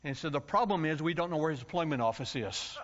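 A man from the United States preaching a story-filled sermon, acting out voices and yelling for comic effect. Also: fairly high pitch, fast, noisy background. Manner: animated, acts out voices and yells for comic effect. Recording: dull lo-fi sound.

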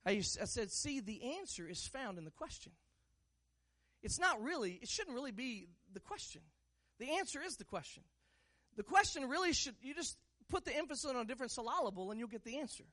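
A pastor preaching a sermon, moving from hushed asides to loud, drawn-out declarations and teasing the congregation with rhetorical questions. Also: medium pitch, sing-song. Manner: stretches key words slowly for emphasis.

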